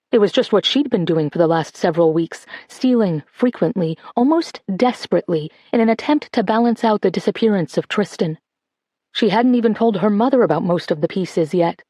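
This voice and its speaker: A woman narrating an audiobook in a measured, expressive reading. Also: medium pitch, no echo.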